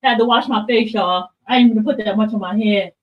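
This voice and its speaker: A woman hosting a livestream podcast speaks bluntly and passionately to her viewers, swearing and addressing them as y'all in a monologue to the chat. Her medium-pitched voice is fairly quick, and she sounds far from the mic on dull audio.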